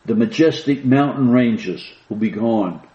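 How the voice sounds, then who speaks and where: A man preaching a sermon, slowing down and lifting his voice to stress the scripture he reads. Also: mid-range voice, dark tone, echoey room, dull audio. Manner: slow, emphatic reading of scripture with rising stress.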